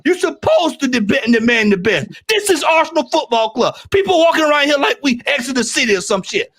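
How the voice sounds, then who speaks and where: A man rants about his football club, his voice high and swinging widely in pitch. He repeats himself for emphasis and often breaks into shouting. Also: very animated, a little fast. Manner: ranting, repetitive, often shouting. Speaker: football podcast panelist. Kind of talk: heated fan rant on a live stream.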